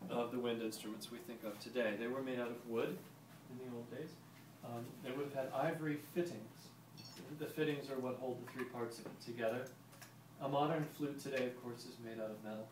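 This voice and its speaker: A man giving a live talk and demonstration to a group of visitors, explaining in a chatty way and quizzing the audience. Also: medium pitch. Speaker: historical music presenter. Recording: roomy, distant mic, ambient noise.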